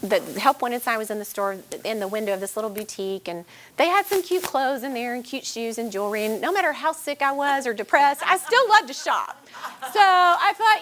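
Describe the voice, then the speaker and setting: A woman's voice: a little high, expressive, a little fast, a bit bright, a little hiss or hum. A woman telling a personal story to a live audience, earnest and at times tearful. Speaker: speaker sharing her story. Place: event room with audience.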